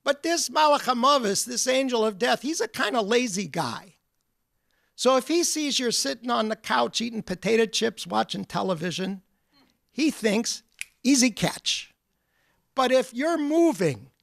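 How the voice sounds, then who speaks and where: A man's voice: extremely high pitch, fairly bright tone, no room sound, clean studio sound, exaggerated voice. A man voicing a spry, joking old man in his nineties, telling a folksy tale.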